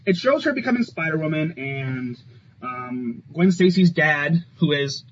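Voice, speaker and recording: A podcast co-host laughs often while chatting enthusiastically and casually about comic books. His fairly high voice is expressive, measured in pace, and a bit bright, captured in a slightly dull recording with faint background noise.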